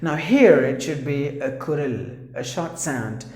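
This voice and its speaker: Guy teaching english words, real slow, says each one over and over, echoey room. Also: on the high side, expressive, darkish tone. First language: Tamil. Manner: slow, repetitive, drills words aloud. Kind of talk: pronunciation lesson.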